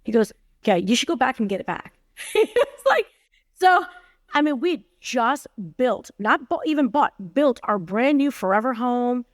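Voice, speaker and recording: Her voice runs high and sing-song at a measured pace as this woman, a tech CEO in her forties, speaks candidly on a podcast. She tells stories emphatically, acting out what people said. The recording is dry and studio quality.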